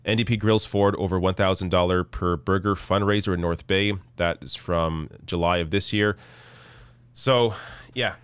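A man hosting a live news commentary stream, reading news quotes and reacting with indignant sarcasm, his voice going hoarse. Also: low voice, steady tone, normal speed, a bit bright, no room sound. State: losing his voice. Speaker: political commentary host.

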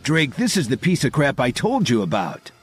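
A man's voice: mid-range voice, huge pitch swings, normal speed, husky, faint music behind, voice pushed up. A male narrator voicing a boastful, spiteful young man eager for revenge in an audio story.

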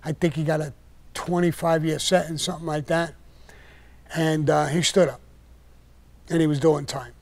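A man's voice: on the high side, little pitch movement, normal speed, long pauses, a little mellow. An older man, blunt and profane, telling stories on a live stream and getting heated when he rants. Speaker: podcast host telling stories. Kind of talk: casual storytelling on a live stream.

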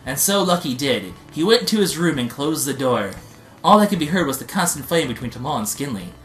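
A young man reads fan fiction aloud on a stream, giggling and rambling between lines. His voice is bright and lively. The room is echoey, with faint music behind him. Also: a little high, fairly quick. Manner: giggly, rambling, breaks off to joke and laugh. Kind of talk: comic reading of fan fiction on a live stream.

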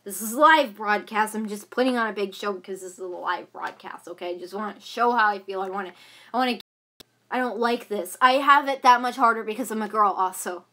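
A woman's voice: medium pitch, brisk, sharp tone. A young woman of about twenty venting angrily on her vlog, talking in rambling bursts full of fillers and repeats. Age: young adult. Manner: agitated ranting, many fillers and repeats. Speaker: vlogger.

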